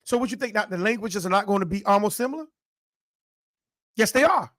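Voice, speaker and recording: A man's voice: sits high, lively intonation, brisk, fairly bright tone, no room sound, clean studio sound. A man co-hosting a discussion, emphatic and teacherly, pressing his points and urging the listeners on. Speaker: co-host. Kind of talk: preaching-style discussion.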